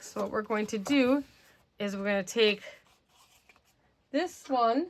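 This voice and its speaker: A woman's voice: medium pitch, lively intonation, a little slow, pauses often, slight background noise. A woman hosting a craft tutorial, explaining steps casually while working with her hands and murmuring to herself, her voice slightly worn and losing strength. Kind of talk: casual step-by-step craft instruction.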